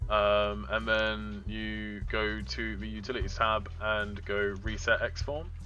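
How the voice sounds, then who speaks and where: A man's voice: fairly low pitch, flat delivery, slow, pushed and bright, highs cut off, faint music behind. A man co-hosting a modding stream, explaining steps in casual, rambling talk full of fillers while he works. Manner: rambling, filler-heavy, distracted. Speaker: co-host of a train game modding stream. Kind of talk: casual tutorial chat while working.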